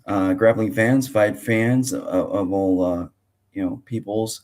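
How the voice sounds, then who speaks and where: A man hosting a casual podcast, hoarse and froggy from a cold, rambling with lots of fillers and restarts. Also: on the low side, unhurried, a little mellow. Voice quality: froggy, gravelly. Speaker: podcast host.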